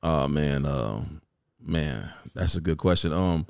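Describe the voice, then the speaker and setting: A man's voice: very deep voice, animated, slow, gravelly. A middle-aged man from Memphis with a Southern accent, chatting casually as an interview guest and rambling with lots of "you know what I'm saying.". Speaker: guest rapper and producer.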